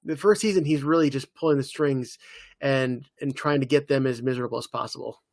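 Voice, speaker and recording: A man's voice: mid-range voice, fairly even intonation, fairly quick, gravelly, no room sound. A man co-hosting a podcast, chatting casually and rambling through stories with lots of fillers. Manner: rambling, filler-heavy storytelling. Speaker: podcast co-host. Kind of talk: casual chat.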